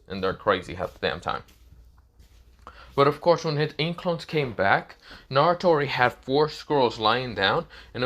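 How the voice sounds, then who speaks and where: A man casually improvising a fan fiction story, rambling and filling pauses as he searches for words. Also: on the low side, a bit bright. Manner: rambling, full of fillers and self-corrections.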